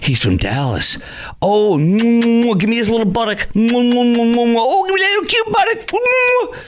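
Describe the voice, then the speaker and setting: A man putting on the voice of a gushing, fawning male fan in a high, cooing falsetto, mocking him with drawn-out hums. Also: sing-song, a little hiss or hum.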